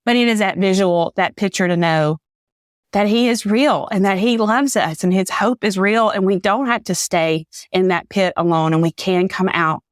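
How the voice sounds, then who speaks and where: A woman's voice: mid-range voice, normal speed, no room sound, clean studio sound. A woman, a podcast guest giving an earnest, faith-filled personal testimony, a little teary. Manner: earnest, faith-filled storytelling, says "y'all".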